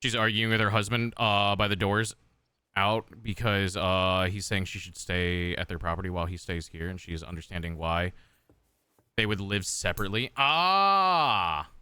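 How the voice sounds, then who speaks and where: A man's voice: low-pitched, moderate pace, bright, forceful tone, smooth, no echo. A man streaming a video game, giving wry, amused, chatty commentary. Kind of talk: casual gameplay commentary.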